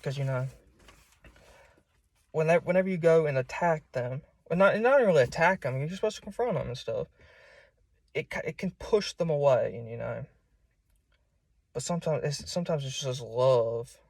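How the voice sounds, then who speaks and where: Guy preaching, earnest and plain-spoken, kinda high voice, dry recording. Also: animated, moderate pace, gravelly, pauses often, dry recording. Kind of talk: informal sermon.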